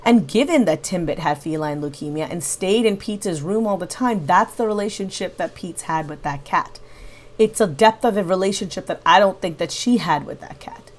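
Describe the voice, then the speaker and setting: A woman's voice: on the low side, moderate pace. A woman hosting a reaction channel, critiquing a livestream and arguing her case point by point. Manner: analytical and critical, argues point by point. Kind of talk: reaction commentary.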